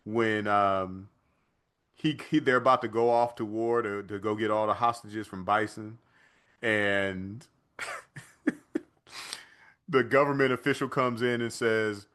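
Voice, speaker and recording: A man co-hosting a podcast in casual chat, retelling scenes with lively energy and quick asides. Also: fairly low pitch, smooth. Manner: animated storytelling, acts out movie lines in put-on voices. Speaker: podcast co-host.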